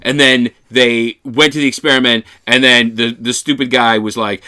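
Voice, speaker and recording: A man's voice: mid-range voice, normal speed, clear, resonant tone. A young man co-hosting a podcast, casually and playfully recapping a movie with profanity and acted-out quotes. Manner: animated retelling with silly acted-out quotes and profanity. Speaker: podcast co-host. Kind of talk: casual movie review chat.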